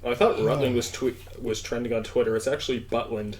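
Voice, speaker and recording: Man, podcast co-host, sardonic quips, casual chat, mid-pitched voice. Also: steady tone, a little fast, a little mellow.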